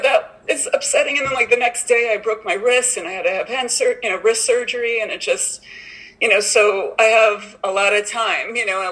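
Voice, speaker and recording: Woman, recovery meeting share, rambling, filler-heavy, bright tone, video call. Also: medium pitch, low-quality recording. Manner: rambling, many "like" and "you know" fillers, laughs often. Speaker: meeting member sharing.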